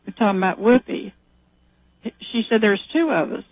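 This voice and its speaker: A woman's voice: medium pitch, moderate pace, no room sound. A woman on a call, chatting casually and retelling a story with many fillers and restarts. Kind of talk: casual chat. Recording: tinny phone line.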